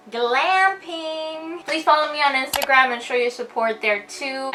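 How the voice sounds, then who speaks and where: A woman's voice: fairly high pitch, bright, forceful tone. A woman beauty vlogger chatting casually through a product unboxing, gushing and giggling as she goes.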